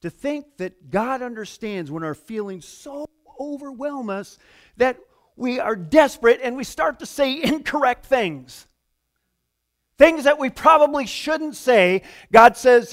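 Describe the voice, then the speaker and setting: A middle-aged man preaching a sermon in a conversational, animated way, going from hushed asides to loud outbursts. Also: very high-pitched, measured pace. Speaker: pastor.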